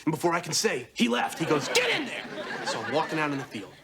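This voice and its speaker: An actor playing an eager, excitable teenage student who tells his story breathlessly, his voice jumping up into yelps, in sitcom acting. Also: a little high, fast, over a noisy crowd, lightly acted. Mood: excited. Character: eager excitable teen boy, injured football player. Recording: sitcom track with hiss and audience laughter.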